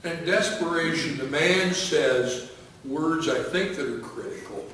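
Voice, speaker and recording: A man delivers a sermon at a very slow, deliberate pace, his voice sitting a little high for a man. He pauses often with fillers and restarts. The sound is distant and echoey, caught from across a church sanctuary. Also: fairly bright tone, a little hiss or hum. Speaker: pastor.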